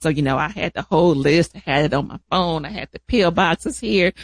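A man telling family caregiving stories in an animated, laughing manner. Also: on the high side, no room sound. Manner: animated storyteller, laughs often, drawn-out emphasis. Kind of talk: casual family storytelling.

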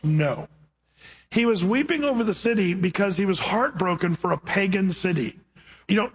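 Male pastor, high husky voice, lively sermon delivery. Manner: animated, acts out quoted voices.

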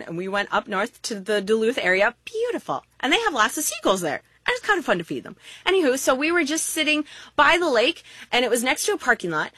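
A woman delivers a sermon that blends scripture with playful, exaggerated stories, told with humor. Her voice is on the high side and slightly rough, in a dry recording. She's animated and playful, painting vivid exaggerations.

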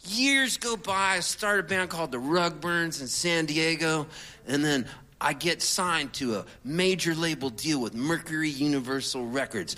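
A middle-aged man, a singer-songwriter, telling a rambling comic story to an audience in a conversational, animated way. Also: on the high side, moderate pace.

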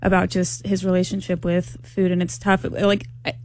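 A woman's voice: fairly low pitch, flat delivery, moderate pace, darkish tone, dry recording. A woman co-hosting a radio morning show, sharing thoughtful views in casual chat.

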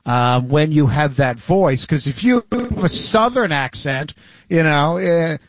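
A man's voice: on the high side, measured pace, no echo, dull audio, faint music behind. A man co-hosting a sports radio show, chatting casually and joking around. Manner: playful, jokey banter. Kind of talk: casual chat.

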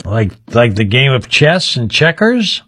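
A man's voice: mid-range voice, very animated, a little slow, sharp tone, breathy edge, no room sound, clean studio sound. A man hosting a radio talk show, teasingly quizzing a mystery guest. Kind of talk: playful radio interview.

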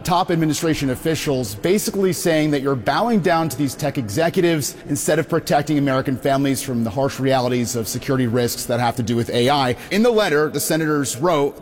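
A man's voice: a little high, big-room sound. A man filing a news report as a correspondent, reading out quotes. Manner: measured reporting, reads quotes.

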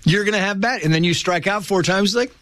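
A man's voice: sits high, fairly even intonation, brisk, pushed and bright, dry recording, studio quality. A middle-aged man telling stories in a casual conversation, acting out the voices of the people he quotes.

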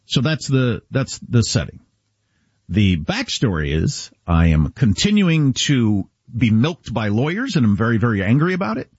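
A man's voice: mid-range voice, sing-song, moderate pace, slightly rough, no echo, highs cut off. A man from Kansas telling a story in casual talk-show chat, quoting dialogue as he goes.

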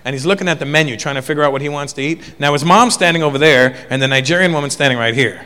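A male stand-up comic with a high, bright voice, telling a story in a chatty way and asking the crowd "right?" as he goes. The sound carries a long hall reverb and a faint noise floor. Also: very fast, clean tone. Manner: conversational, tosses in "right?" to the audience. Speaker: stand-up comedian.

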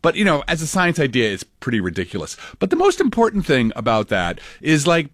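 A male scientist guest talking in an animated, halting way, full of restarts, in a casual interview. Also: a little high, no room sound, studio quality. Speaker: scientist guest, film script consultant.

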